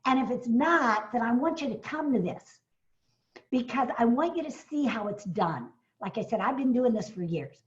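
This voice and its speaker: Excitable woman pitching a webinar. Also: normal speed, muffled recording. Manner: excitable, bursts of cheering, frequent fillers. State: slightly hoarse, coughing. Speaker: speaker trainer hosting a live webinar. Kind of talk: enthusiastic sales pitch on a video call. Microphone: video call.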